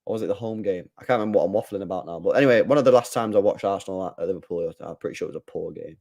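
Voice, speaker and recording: A man's voice: low-pitched, very fast, gravelly. Chatty man doing live match commentary. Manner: chatty, swings from mumbling to excited shouting; reads out viewer comments. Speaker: live stream host.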